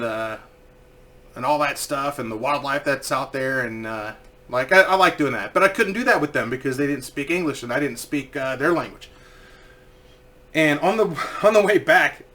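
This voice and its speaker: A young man casually telling funny stories, animated, swearing freely and laughing as he goes. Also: on the high side. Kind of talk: casual comedic storytelling.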